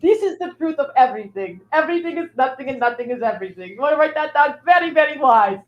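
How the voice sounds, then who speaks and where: Woman playing a preachy Indian-accented guru with a high voice, delivering sweeping pronouncements. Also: animated, quick pace, lo-fi sound. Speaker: comedic character performer. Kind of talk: improv comedy character.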